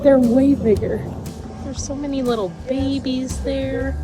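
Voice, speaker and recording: A woman's voice: high-pitched, fairly even intonation, a little slow. A young woman narrating a casual travel vlog outdoors, chatty and playful. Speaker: vlogger. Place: outdoors in national parks and campground. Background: music.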